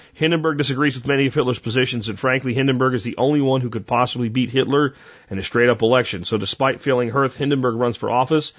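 A man hosting a podcast, reading history notes and breaking off for sarcastic, deadpan asides and quick self-corrections. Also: medium pitch, lo-fi sound. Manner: conversational, with small slips and corrections. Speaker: podcast host.

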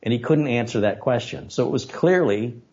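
A man being interviewed on a podcast, telling stories and making animated, opinionated points. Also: medium pitch, moderate pace, dull audio. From United States. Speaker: guest, tech video maker.

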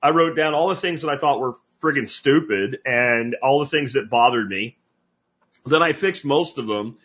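A man hosting a podcast interview, talking in a blunt, animated, casual way with some cursing. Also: mid-range voice, moderate pace, husky, highs cut off. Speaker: podcast host.

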